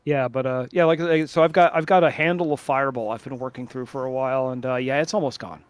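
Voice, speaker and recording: A man's voice: medium pitch, fairly even intonation, quick pace, clear, resonant tone, no echo. A man co-hosting a casual podcast with friends, rambling with lots of fillers and restarts. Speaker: podcast co-host. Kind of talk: casual chat among friends.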